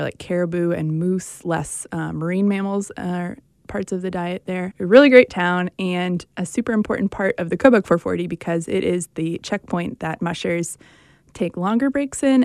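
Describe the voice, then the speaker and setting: A woman's voice: fairly low pitch, creaky, a little mellow, no echo, clean studio sound. A young woman radio reporter chatting casually and enthusiastically, with lots of "like"s.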